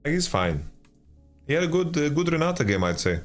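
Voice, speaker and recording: A man giving casual esports commentary on a stream, sleepy and yawning, with relaxed speech and stammering restarts as he answers chat. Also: on the high side, fairly quick, faint music behind. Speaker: esports caster and analyst.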